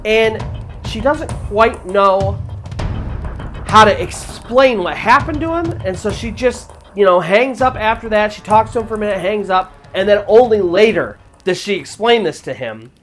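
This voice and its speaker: A woman's voice: medium pitch, animated, normal speed, soft background music. Chatty woman telling a spooky tale. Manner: chatty retelling with frequent "like" fillers. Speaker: storyteller host. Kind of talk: casual narration of a true paranormal story.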